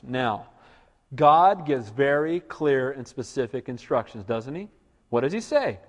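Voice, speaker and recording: A man preaching a sermon as pastor, animated and swinging between loud bursts and hushed asides. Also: mid-range voice, a little slow, in a large hall.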